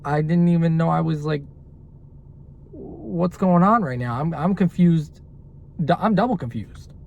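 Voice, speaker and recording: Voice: mid-range voice, measured pace, gravelly, narrow, tinny audio, a little hiss or hum. A young adult delivery-driver vlogger ranting in a casual, exasperated, profane way. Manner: animated, exasperated, swears a lot. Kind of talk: casual vlog rant.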